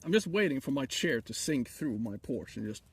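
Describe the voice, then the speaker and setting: A man's voice: mid-range voice, very animated, normal speed, a little hiss or hum. Man, middle-aged, Swedish accent, livestreamer, joking, rambling, outdoors on ice. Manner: joking, rambling, talks to chat. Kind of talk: casual live stream chat. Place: outdoors on a frozen lake.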